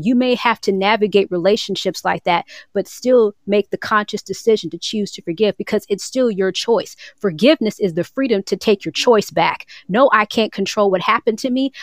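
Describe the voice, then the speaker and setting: A woman with a mid-range voice co-hosts a faith podcast, speaking earnestly about forgiveness and quoting scripture in its old wording. It's casual faith talk that teaches on forgiveness. The recording is dry, made over a remote call with the microphone moving around.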